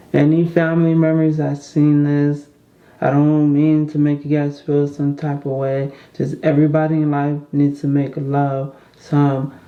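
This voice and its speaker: Slow, candid storytime vlogger. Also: medium pitch, lo-fi sound. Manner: candid, chatty, repeats itself, addresses the viewers often. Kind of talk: casual storytime vlog.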